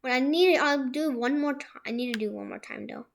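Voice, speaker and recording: A young woman hosting a software tutorial from a room at home, talking it through in a rambling way with many restarts. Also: sits high, brisk, vocal fry, slight background noise. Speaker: tutorial host. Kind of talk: screen-share software tutorial.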